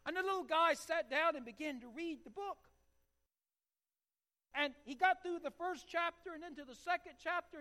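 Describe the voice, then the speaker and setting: A man preaching a sermon with impassioned delivery that swells to loud, emphatic peaks. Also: very high-pitched. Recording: long hall reverb.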